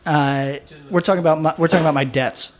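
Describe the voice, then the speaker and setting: A man co-hosting a casual music podcast, his voice sitting a little high. He jokes around and swears freely as he talks. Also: fairly even intonation, fast. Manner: joking, swears, talks with food in mouth. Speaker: podcast co-host. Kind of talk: casual chat.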